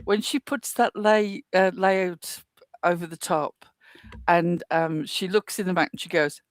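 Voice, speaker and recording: A woman's voice: on the low side, unhurried, dry recording. A woman co-hosting a casual chat, dry and joking with mock outrage, laughing often. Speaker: co-host.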